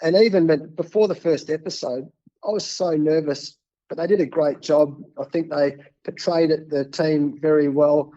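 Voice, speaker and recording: A cricket coach in his fifties with an Australian accent tells stories during an interview, casual and animated, often repeating words. His fairly high voice moves at a moderate pace, and the sound is lo-fi.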